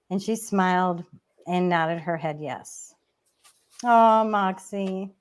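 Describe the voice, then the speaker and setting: A woman's voice: on the low side, slow pace, pauses often, clean tone. A woman co-hosting a casual online chat, telling personal stories and reading viewer comments, getting emotional and laughing often. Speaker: co-host.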